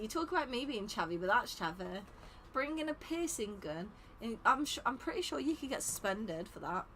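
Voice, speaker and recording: A woman's voice: medium pitch, a bit bright, a little hiss or hum. A young English woman hosting a live game stream, chatting casually with viewers, teasing them, laughing often and sounding tired. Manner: teasing, laughs often, reads chat aloud. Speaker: streamer running custom game lobbies.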